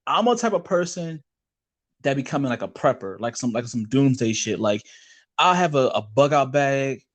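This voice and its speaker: A man's voice: mid-range voice, normal speed. A man co-hosting a podcast, telling long rambling stories in casual chat and laughing along the way. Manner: rambling animated storytelling with laughs. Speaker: podcast co-host.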